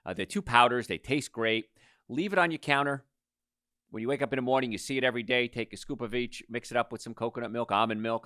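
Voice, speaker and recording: A middle-aged man hosts a health talk, giving an audience an informal, emphatic lecture and repeating his key advice. His voice is on the low side and a bit bright, captured in studio quality with no room sound.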